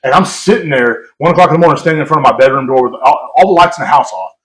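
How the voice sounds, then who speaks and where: A man's voice: medium pitch, racing. Rambling, laughing young man in echoey room. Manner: rambling, self-mocking, laughs often. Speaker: podcast co-host. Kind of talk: casual storytelling chat. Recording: roomy echo.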